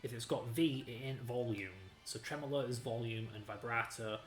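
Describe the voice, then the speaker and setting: Very deep-voiced sweary woman streamer. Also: normal speed, roomy sound. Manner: blunt, sweary, sarcastic. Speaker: streamer playing retro games. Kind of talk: casual let's-play commentary.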